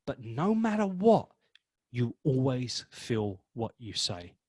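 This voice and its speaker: A man giving a webinar training talk as a presentation coach, expressive and demonstrating emotions vividly. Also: medium pitch, takes it slowly, breathy edge, no echo, clean studio sound.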